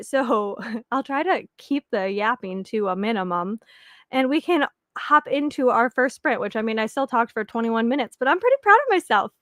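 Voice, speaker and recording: A woman's voice: sits high, a bit bright, dry recording, clean studio sound. A young woman chatting casually with viewers as the host of a reading sprint stream, rambling and giggling with lots of fillers.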